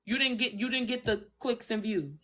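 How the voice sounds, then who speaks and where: A woman's voice: on the high side, moderate pace, a bit bright. A woman on a phone live stream, arguing her side bluntly and emphatically with lots of swearing. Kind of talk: heated livestream argument.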